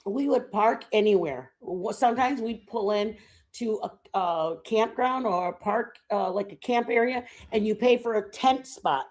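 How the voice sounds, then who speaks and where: A woman's voice: mid-range voice, measured pace, a little mellow. A woman in her fifties from the United States, chatting casually and rambling to her viewers on a live stream. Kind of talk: casual chat.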